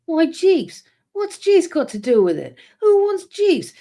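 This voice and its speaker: A woman's voice: extremely high pitch, very animated, unhurried, dark tone, pitched above the performer's own voice, exaggerated voice. A woman voicing a worried young male painter in a comic novel read aloud, pleading and fretful. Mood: anxious.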